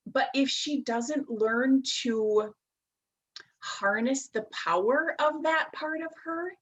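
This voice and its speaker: A woman in her thirties with a fairly high voice, speaking as a guest in an interview. She talks reflectively and chattily, often pausing on fillers before going on. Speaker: guest, life coach. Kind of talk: casual interview chat.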